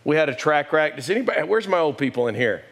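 A man's voice: very animated, fast, a bit bright. A middle-aged man preaching a sermon, telling an emotional family story and lifting his voice when he quotes people. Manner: storytelling, emotional, rises in pitch and volume when quoting. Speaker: pastor.

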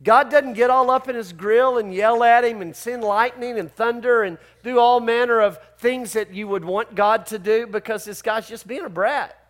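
A man's voice: very high voice, normal speed, few pauses. A man preaching a sermon as pastor, conversational and emphatic, full of rhetorical questions to his church.

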